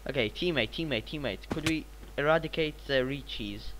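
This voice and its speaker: A teenage boy, sounding a little sick, narrating his gameplay in a rambling, excitable way with sudden bursts of repeated exclamations. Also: fairly high pitch, normal speed, slight background noise, rough recording. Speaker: gaming channel host. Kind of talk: gameplay commentary.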